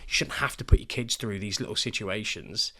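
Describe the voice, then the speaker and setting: A man co-hosting a podcast, telling parenting stories in a lively way and acting out the voices of the people he quotes. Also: lowish voice, normal speed. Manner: animated storyteller, acts out quoted voices. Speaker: podcast co-host. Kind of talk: casual podcast chat.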